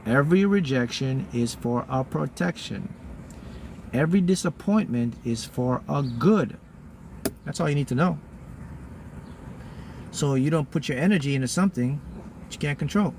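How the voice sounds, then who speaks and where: A man teaching manifesting to a live audience in an emphatic, repetitive style, often jumping into loud, high-pitched bursts. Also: animated, normal speed, long pauses, a little hiss or hum. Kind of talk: motivational talk to a live audience.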